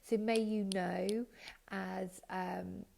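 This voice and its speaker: A woman leading a chaplaincy team, giving an informal devotional talk in a gentle, chatty way that often drops to a soft whisper. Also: medium pitch, flat delivery, very slow, gravelly.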